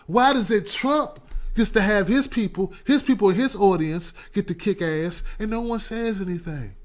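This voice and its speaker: A man hosting a call-in commentary show, talking loose and slangy straight to his audience. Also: high voice. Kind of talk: casual talk-show commentary.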